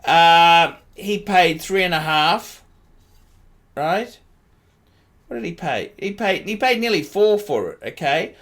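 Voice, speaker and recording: Scornful Australian man, high and slow. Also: animated, a bit bright. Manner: sardonic, scornful, repeats catchphrases. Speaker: watch dealer. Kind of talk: ranting commentary vlog.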